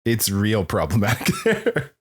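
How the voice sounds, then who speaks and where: A man's voice: fairly low pitch, wildly swooping pitch, unhurried, husky. A man hosting a movie podcast, chatting casually and joking, with frequent restarts. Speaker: podcast host. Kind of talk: casual chat.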